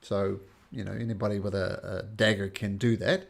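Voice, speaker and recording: A man's voice: on the low side, little pitch movement, moderate pace, creaky. A man narrating and ruling as game master in a tabletop role-playing game, describing scenes loosely with fillers.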